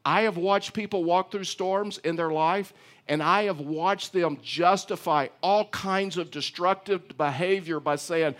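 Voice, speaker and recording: A man's voice: high-pitched, unhurried, a bit bright. A middle-aged man preaching a sermon in a conversational way, often repeating words and asking his listeners questions. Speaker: pastor.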